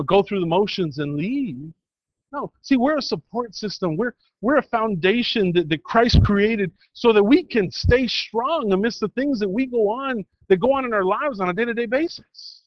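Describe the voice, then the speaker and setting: A man preaching an informal sermon in a church, telling a story in a rambling, halting way full of restarts. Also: high voice, lively intonation, no room sound, muffled recording.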